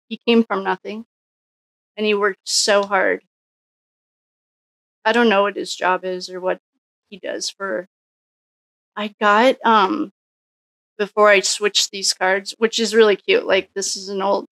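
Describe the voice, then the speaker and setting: Gravelly-voiced woman musing over tarot cards. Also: medium pitch, level tone, normal speed, fairly bright tone, no echo. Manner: musing, thinks aloud with frequent restarts. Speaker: psychic tarot reader. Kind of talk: casual solo tarot reading.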